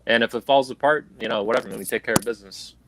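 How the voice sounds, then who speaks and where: Speaking very fast in a mid-range, slightly bright voice, a male livestream host goes on an angry political tirade over a video call. The rant is heated, profane and emphatic.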